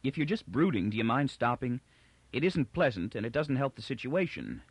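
Male reader as an impatient young husband, harsh, sharp questions, lively pitch. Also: normal speed, slightly rough, no room sound.

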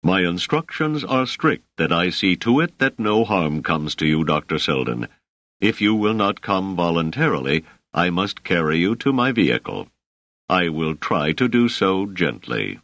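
A man reading an audiobook, voicing a large, formal soldier-sergeant who speaks in slow, stolid, measured syllables. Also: deep voice, big pitch swings, a bit bright, dry recording, highs cut off, exaggerated voice. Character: gruff, commanding soldier-sergeant with slow rolling bass.

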